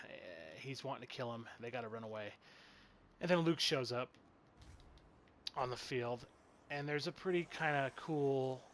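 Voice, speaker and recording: A man's voice: medium pitch, fairly bright tone, slight background noise. Man, 30s, mid-range voice, frustrated rambling reviewer who swears freely. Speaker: film reviewer. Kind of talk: casual spoken movie review.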